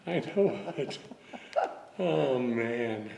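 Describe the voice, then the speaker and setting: A man's voice: medium pitch, extremely slow, gravelly. Elderly man telling stories in echoey hall. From Southern California. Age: 80s. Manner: relaxed storytelling, self-deprecating humor. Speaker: interview guest. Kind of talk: casual interview chat. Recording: echoey hall with long reverb.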